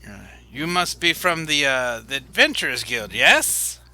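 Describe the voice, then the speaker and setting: Guy doing a sneaky fussy merchant dude, slow talker, bright voice that keeps changing. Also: medium pitch, sing-song, slight background noise, full character voice. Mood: haughty. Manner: switches voices mid-conversation. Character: evasive male merchant, secretive and fussy.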